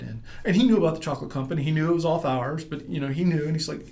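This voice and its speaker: A middle-aged man, an entrepreneur guest, telling a rambling, animated story in a casual interview and acting out what people said. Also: on the high side, racing.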